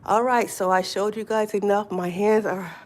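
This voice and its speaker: Out in snowy weather, a middle-aged livestream host talks casually and laughs often while faint wind blows in the background. Her mid-range voice keeps a moderate pace and fairly even intonation.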